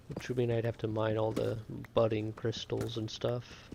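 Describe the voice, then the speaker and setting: A man's voice: mid-range voice, level tone, normal speed, vocal fry, few pauses, darkish tone, a little hiss or hum. A young man streaming a game, chatting casually and rambling to his viewers in a self-deprecating way. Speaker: gaming streamer. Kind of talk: casual gameplay chat with chat. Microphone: desk microphone.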